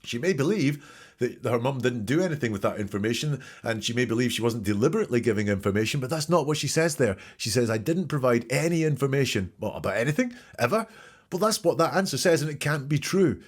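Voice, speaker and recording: A man's voice: mid-range voice, big pitch swings, quick pace, slightly rough. A man hosting a show where he breaks down court testimony in spoken commentary, emphatic and questioning, repeating key words. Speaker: host analyzing trial testimony.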